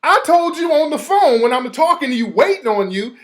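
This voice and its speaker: A man hosting his own show, talking off the cuff in a heated, profane rant. His pitch jumps around a lot as he reacts to the messages he reads out. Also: very animated, a little fast, a bit bright. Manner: profane, heated, reading texts aloud. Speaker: show host. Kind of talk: casual live rant.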